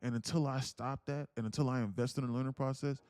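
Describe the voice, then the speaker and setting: A man's voice: mid-range voice, fairly even intonation, fast talker, darkish tone, dry recording. A young man hosting a live day trading stream, talking passionately and emphatically, swearing freely. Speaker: day trading livestream host.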